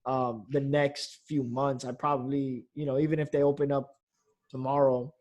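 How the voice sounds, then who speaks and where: A man's voice: mid-range voice, little pitch movement, moderate pace, darkish tone, lo-fi sound. A man, a comedian, chatting casually on a podcast in a loose, rambling way, full of fillers and the odd curse. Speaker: comedian guest.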